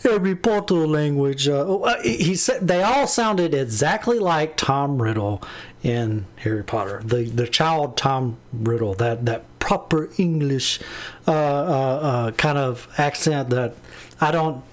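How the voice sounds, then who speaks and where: Guy ranting about a book he hated, lots of ums and restarts, mid-pitch voice. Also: a little slow. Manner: rambling, many restarts and fillers, exasperated. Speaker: book reviewer. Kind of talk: casual spoken book review.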